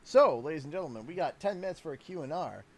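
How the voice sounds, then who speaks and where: A man from Canada hosting a game livestream, casual, playful and expressive. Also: fairly high pitch, fast. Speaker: livestream host.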